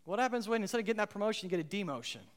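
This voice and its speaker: Pastor guy preaching, voice up high, big echoey church sound, goes loud then real quiet. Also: expressive, racing. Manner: impassioned preaching, swinging from loud to hushed. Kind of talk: sermon. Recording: long reverb of a large hall.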